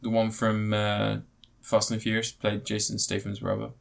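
A man's voice: lowish voice, completely flat delivery, moderate pace, gravelly. A man hosting a podcast, tired and yawning, rambling through a film review with lots of fillers, restarts and swearing. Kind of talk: casual chat.

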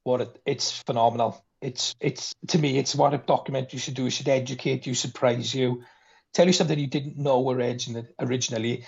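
A man's voice: mid-range voice, fairly even intonation, a little fast, gravelly, husky. A man, a podcast guest chatting about a film and animatedly acting out its lines. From Wales. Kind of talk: casual film chat. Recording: dull lo-fi sound.

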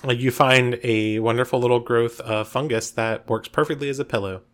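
Man, game master, tabletop narration, relaxed, uh and um fillers. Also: mid-range voice, fairly quick.

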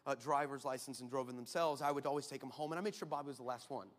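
A man preaching a sermon as pastor, telling a story in an animated way, acting out quotes and laughing often. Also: medium pitch, racing. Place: large church hall. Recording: reverberant church hall.

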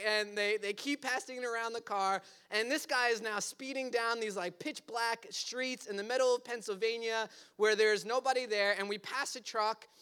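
A man's voice: very high voice, sharp tone, clear, resonant tone. A young man animatedly telling a personal story, with frequent fillers and bursts of laughter.

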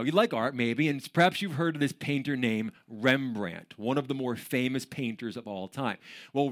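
A man preaching a sermon in a church auditorium, talking in a conversational, joking way and telling stories with energy. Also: medium pitch. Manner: conversational and joking, with animated storytelling. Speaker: pastor.

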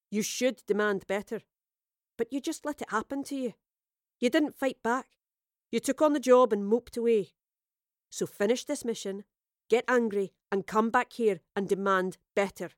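A woman's voice: mid-range voice, darkish tone, no echo, clean studio sound, lightly acted. Woman voicing a stern, clipped commander. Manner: clipped, firm, dryly scolding. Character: stern female commander, coolly severe superior.

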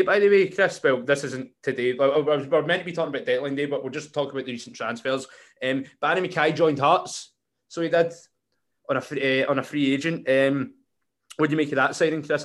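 A man hosts a casual football podcast. He rambles along, restarting sentences and filling gaps with ums and likes. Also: medium pitch. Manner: rambling, with frequent fillers and restarts. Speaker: podcast host.

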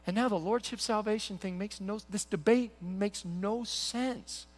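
A male pastor preaching a sermon in an animated, conversational way, often acting out stories. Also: sits high, measured pace. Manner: animated, conversational, storytelling with quoted voices.

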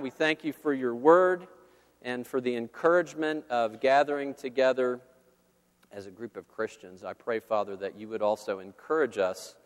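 A male campus minister giving a sermon with a measured, earnest delivery, reading scripture and praying. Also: medium pitch. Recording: long hall reverb.

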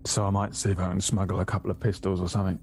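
A man's voice: low-pitched, little pitch movement, rapid-fire, vocal fry, a little mellow, slight background noise. A man talking casually and hesitantly as a player in a tabletop role-play. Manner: casual, hesitant, plain-spoken.

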